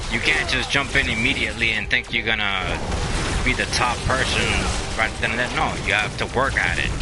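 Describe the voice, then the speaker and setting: A man casually chatting while playing a video game, rambling and encouraging, with lots of fillers. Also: medium pitch. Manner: rambling, motivational, many fillers. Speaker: gaming channel host.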